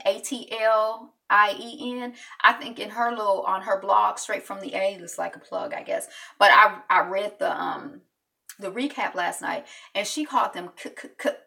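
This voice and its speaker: Chatty female recap host, bright and sharp tone, talking a little off-mic, rambling with fillers. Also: mid-range voice, vocal fry, recorded from a distance. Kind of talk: casual chat recapping an episode.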